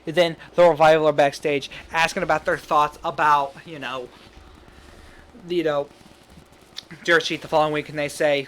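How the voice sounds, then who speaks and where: A man casually talking through an imagined wrestling show, rambling with quick asides and laughing at his own jokes. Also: fairly high pitch, level tone, fairly bright tone, a little hiss or hum. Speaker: fantasy booking commentator. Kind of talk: casual solo commentary.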